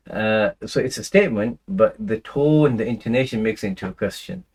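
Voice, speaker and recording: A man teaching a Quran commentary class in a relaxed, conversational way, full of fillers and restarts, now and then reciting Arabic verses. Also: on the low side, normal speed, breathy edge, rough recording. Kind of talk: casual lecture on scripture.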